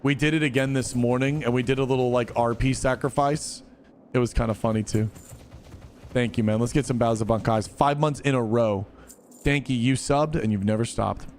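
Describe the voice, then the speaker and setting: Brief: male streamer, relaxed and blunt, mid-pitched voice, casual chat with viewers. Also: normal speed, a little hiss or hum. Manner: laid-back, slangy, blunt. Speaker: game streamer.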